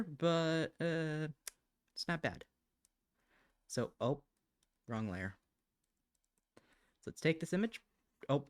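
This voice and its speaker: A woman with a very deep voice that swings widely in pitch, chatting casually on a live stream while drawing. She mutters to herself and sometimes gushes at her cat. The sound is dry and close on a desk microphone. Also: expressive, slow pace, long pauses, no room sound. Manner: gushing baby talk to her cat. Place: home.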